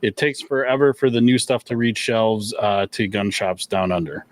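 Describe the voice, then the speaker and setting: Man, low voice, relaxed livestream host, chuckling, lots of ums. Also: moderate pace. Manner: laid-back, chuckling, lots of fillers. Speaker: gun shop livestream host. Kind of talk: casual livestream chat reading viewer questions.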